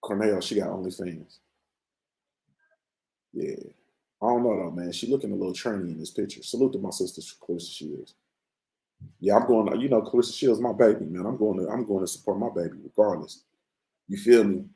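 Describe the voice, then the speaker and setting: A man's voice: lowish voice, a little fast, long pauses, mellow, reverberant, low-quality recording. A man hosting a boxing morning show from a room at home, chatting casually in a loose, rambling, slang-heavy way into his computer's mic. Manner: laid-back, rambling, slangy.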